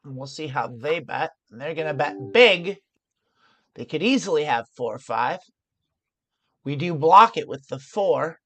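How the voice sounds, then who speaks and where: A woman plays poker on stream and explains every hand out loud, restarting sentences often as she thinks. She speaks low and unhurried with lively intonation, and there is no room sound.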